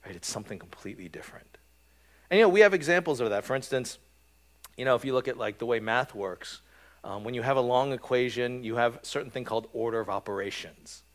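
A man preaching a sermon in a relaxed, conversational way, often checking in with his listeners with "right?" and filling pauses with "um". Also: medium pitch. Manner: conversational, frequent "right?" and "um" fillers. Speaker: pastor.

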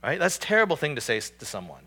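A man preaching a sermon with a bright, forceful tone that sits a little high. He talks conversationally and with emphasis, often restarting and repeating words as he works toward his point. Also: very animated, very fast. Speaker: pastor.

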